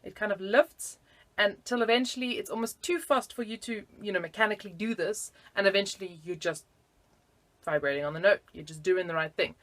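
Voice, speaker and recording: A woman's voice: medium pitch, a little fast. A woman teaching flute in a casual video lesson, chatty and giggly with self-deprecating asides.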